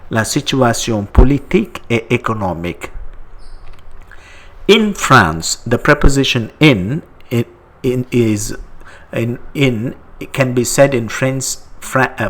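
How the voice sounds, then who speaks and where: Man, language teacher, very slow delivery, deliberate, repeats words. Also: medium pitch. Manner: slow, deliberate, repeats each example word twice. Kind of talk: slow step-by-step language lesson.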